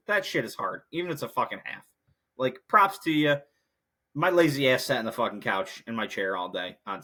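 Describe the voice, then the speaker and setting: A man's voice: medium pitch, sharp tone. A young adult man from the United States hosting a casual sports podcast, rambling and cursing freely, getting heated when he rants. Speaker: podcast host.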